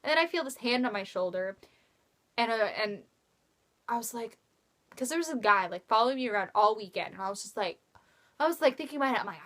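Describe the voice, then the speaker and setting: A young woman telling a rambling story in a casual vlog, swearing freely and acting out quotes with sudden jumps in pitch. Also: a little fast, a bit bright. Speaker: vlogger.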